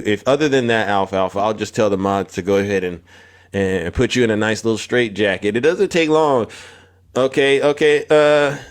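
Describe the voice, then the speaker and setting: A man running a political livestream with a confrontational, preachy manner. He repeats phrases, climbs in pitch on emphatic lines and calls viewers out one by one. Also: clear, resonant tone. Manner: confrontational, repetitive, calling out viewers by name. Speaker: livestream host.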